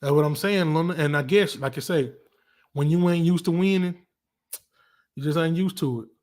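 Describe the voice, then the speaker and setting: A man with a Southern accent talks casually on his own livestream, rambling and animated, packed with slang. His voice sits a bit high for a man. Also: normal speed. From Alabama. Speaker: livestream host. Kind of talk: casual livestream chat about college football.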